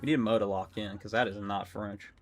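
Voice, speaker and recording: Excitable young man streaming a game. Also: fairly low pitch, fairly quick. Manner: rambling, excitable, swears a lot; talks to chat. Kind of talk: casual live-stream commentary while gaming.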